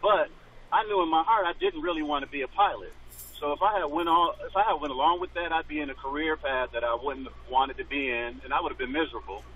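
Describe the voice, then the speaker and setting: A man's voice: a little high, quick pace, a little hiss or hum. A man calling into a talk show, speaking earnestly about his life lessons over a phone line. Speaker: caller. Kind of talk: reflective phone-in chat.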